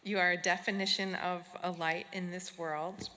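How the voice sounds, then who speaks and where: A middle-aged woman presenting an award on stage, speaking heartfelt and unhurried, with soft fillers, into a podium microphone. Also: lowish voice, little pitch movement. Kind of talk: tribute speech at an awards gala. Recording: long hall reverb, audience.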